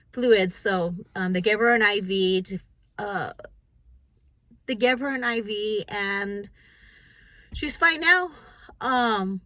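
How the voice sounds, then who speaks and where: Bright-voiced woman telling a story. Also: mid-range voice, dry recording, poor audio. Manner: animated, acts out quotes, many restarts. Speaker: vlogger. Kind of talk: casual storytelling to camera.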